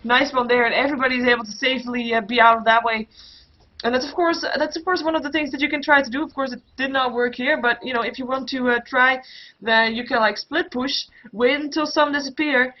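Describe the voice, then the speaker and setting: A woman casting an online game match solo, calling the action play by play and getting louder in the fights. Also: high voice. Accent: Dutch. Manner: rapid play-by-play, excited bursts in fights, many fillers. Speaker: esports caster. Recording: muffled lo-fi stream audio.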